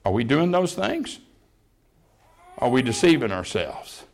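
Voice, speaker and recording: A man's voice: medium pitch, very animated, a little slow. A man preaching a sermon in a folksy storytelling way, chuckling at his own anecdotes. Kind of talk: sermon with humorous stories.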